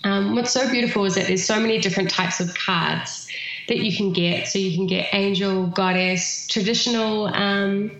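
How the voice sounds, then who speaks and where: Nz woman, guest on a podcast, gravelly voice, lots of ums, really echoey room. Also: medium pitch, steady tone, moderate pace, a bit bright, highs cut off. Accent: New Zealand. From New Zealand. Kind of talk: casual podcast interview.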